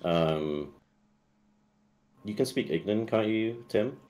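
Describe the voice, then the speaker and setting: A man's voice: lowish voice, expressive, slow pace, a little mellow. A young man running a tabletop game as dungeon master, describing scenes loosely with many fillers. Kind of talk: casual tabletop game narration.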